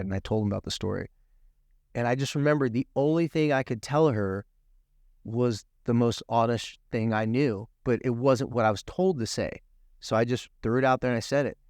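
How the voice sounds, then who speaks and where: A man's voice: mid-range voice, no room sound, studio quality. A man appearing as a guest on a TV talk show, telling a personal story earnestly and emphatically, acting out the quoted dialogue. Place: TV studio.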